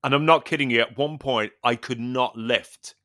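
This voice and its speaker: A man's voice: medium pitch, moderate pace, pushed and bright. A man on a casual podcast chat, telling an anecdote and acting out the lines of the people in it. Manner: storytelling, acts out quoted dialogue, swears casually. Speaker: podcast co-host.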